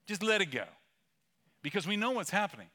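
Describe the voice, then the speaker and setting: Bright-voiced male pastor preaching. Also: sits high, very animated, a little fast. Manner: conversational, emphatic, with asides and humor. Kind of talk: sermon.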